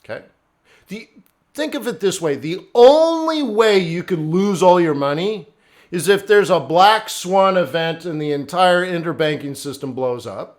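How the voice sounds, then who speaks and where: A middle-aged man with a rather high voice hosts a live trading stream. He talks bluntly and casually, coaching viewers and answering their chat messages by name. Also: lively intonation, measured pace. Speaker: forex trading livestream host.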